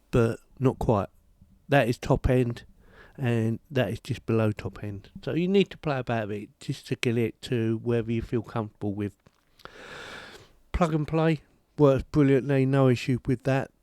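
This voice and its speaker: His voice medium in pitch, dark, and a little slow, a British man delivers a rambling, chatty home review of a boom-arm desk microphone. He is self-deprecating, and the recording has no echo.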